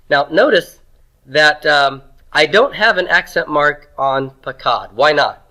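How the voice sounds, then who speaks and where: Teacher: man, bright tone, quizzes the class and cracks folksy jokes. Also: on the high side, lively intonation, slow, rough recording. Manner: drills pronunciation, asks the class questions, folksy jokes. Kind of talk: classroom lecture.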